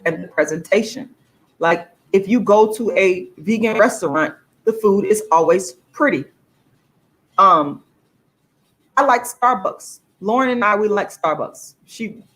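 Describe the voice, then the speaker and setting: A woman chats to her viewers in a casual vlog, her voice sitting at an ordinary middle pitch. She talks emphatically and often calls out to the audience. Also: fairly bright tone. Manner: chatty, emphatic, addresses viewers as y'all. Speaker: vlogger.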